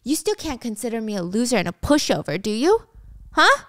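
A woman's voice: on the high side, very animated, brisk. A woman voicing an enraged young male killer. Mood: accusing. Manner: shouting threats.

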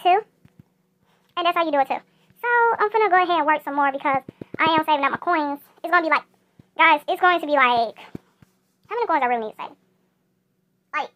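A woman's voice: very high voice, fairly bright tone. A female YouTuber chatting casually over mobile gameplay, repeating herself and talking straight to her viewers.

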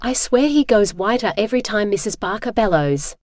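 A sleepy young male orderly shrugs off the chaos with offhand gossip in this audiobook, voiced by a woman narrator. The sound is dry and close, with a middle pitch. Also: lively intonation, brisk, a little mellow, no echo, lightly acted.

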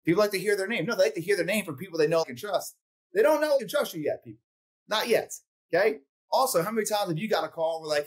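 A man's voice: on the high side, animated, brisk. A man coaching real estate agents in casual podcast talk, blunt and profane, acting out phone calls as he goes.

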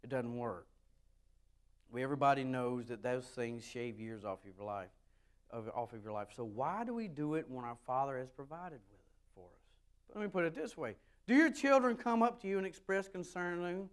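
A pastor from the United States preaching a sermon to his congregation, animated and rising loud when he reads scripture, with wry asides. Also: medium pitch, moderate pace, clear, resonant tone. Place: church sanctuary with a congregation.

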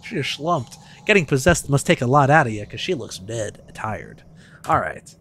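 A young man streaming a game, giving loud and excitable commentary with lots of swearing and trash talk. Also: medium pitch, normal speed, slight background noise. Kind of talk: casual gameplay commentary.

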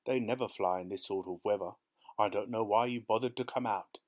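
A man's voice: fairly low pitch, a little fast, close to an everyday voice. A man reading aloud, voicing a cold, teasing old husband who talks in a curt, dismissive way. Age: older.

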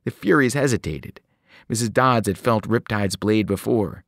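A man's voice: on the low side, moderate pace, gravelly. A male reader telling a story to students, his voice rising and falling with plenty of movement. He sounds close and dry, with no room echo. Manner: lively storytelling with sudden voiced cries. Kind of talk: reading a novel aloud.

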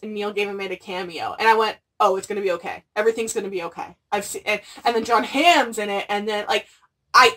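A young adult book vlogger talks casually about books, her excitement spilling into rambles full of fillers like "like" and "freaking." Her medium-pitched voice has a fairly bright tone, and the mic is distant.

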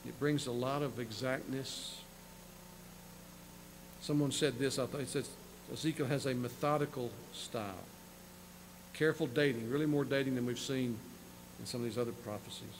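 A man's voice: mid-range voice, steady tone, moderate pace, long pauses, low-quality recording. Guy preaching in church, reads verses then explains, restarts a lot, faint hum behind him. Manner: reads scripture aloud, then explains in plain asides; repeats words and restarts phrases. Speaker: pastor. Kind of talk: sermon. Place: church sanctuary.

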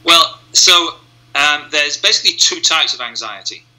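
A hypnotist guest in an interview walks through his method step by step in casual conversation, acting out his clients' inner voices. He speaks at normal speed with a fairly high, animated, bright and forceful voice, on a rough recording.

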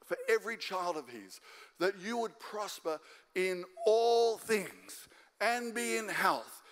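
Fired-up Australian man preaching, high voice. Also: expressive, slow, a bit bright, long reverb tail. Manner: fired-up, repetitive exhortation. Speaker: guest pastor. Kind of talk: sermon. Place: church auditorium.

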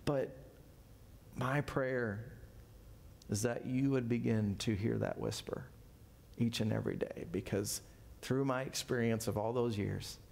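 Fifties male teacher, gravelly voice, relaxed self-deprecating Bible study delivery. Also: lowish voice. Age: 50s. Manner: folksy, self-deprecating, with frequent asides.

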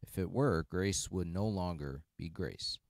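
Man, very deep voice, reading scripture aloud, steady, dry recording. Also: unhurried, vocal fry, dry recording. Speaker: Bible study participant reading scripture.

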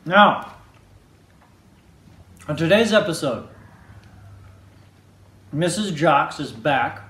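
A man teacher hosting a video series for children, introducing the next part with brisk, friendly words. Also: fairly high pitch, animated, sharp tone. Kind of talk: casual show hosting for children. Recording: roomy, from the mic.

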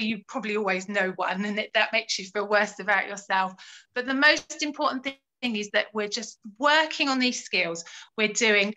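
Bright, high-voiced woman advising parents. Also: poor audio. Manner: encouraging, acts out phrases to children. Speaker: early years family support worker. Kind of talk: live Q&A advice for parents.

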